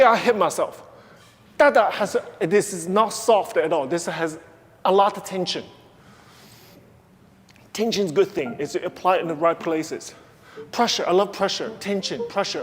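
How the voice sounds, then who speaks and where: In a large, echoey dance studio with piano music playing behind him, a man with a high voice teaches a live ballet class. At a normal pace, he counts beats aloud and calls out cues between short explanations, with slight background noise.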